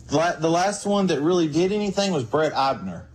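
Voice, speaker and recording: A man's voice: a little high, lively intonation, fairly quick, low-quality recording. A man giving casual, confident analysis as a guest on a sports radio show.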